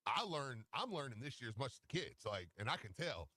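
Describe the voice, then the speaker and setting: A man's voice: mid-range voice, sing-song, brisk, sharp tone, dry recording. A man co-hosting a sports radio show and working as a basketball coach, talking in casual banter, laughing and retelling conversations with lots of fillers.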